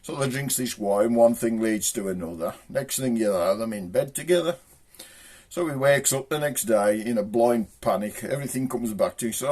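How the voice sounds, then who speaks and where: A man with a Black Country accent telling jokes, doing his characters' voices with shouts and raised pitch. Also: lively intonation, moderate pace, slight background noise. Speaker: joke teller.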